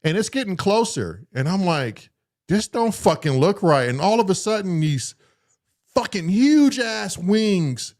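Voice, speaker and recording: A man's voice: high voice, unhurried. A man telling a long story in casual chat as a podcast co-host, swearing freely and acting out his own reactions. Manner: profane, animated storytelling with acted quotes.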